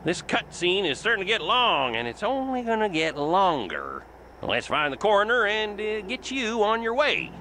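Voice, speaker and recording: A man's voice: high-pitched, wildly swooping pitch, normal speed, pushed and bright, slight background noise, heavily acted. A man voicing a folksy, chummy small-town sheriff in a video game, tacking a silly suffix onto his words. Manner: folksy drawl, tacks "erino" onto words. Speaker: game character.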